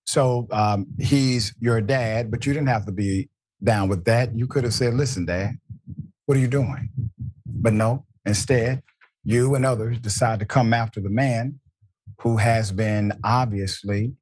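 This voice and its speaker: A man's voice: medium pitch, unhurried, a little mellow, no echo. A man hosting a news commentary show, speaking in a pointed, indignant way and addressing the people in the clips directly. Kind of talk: opinion commentary.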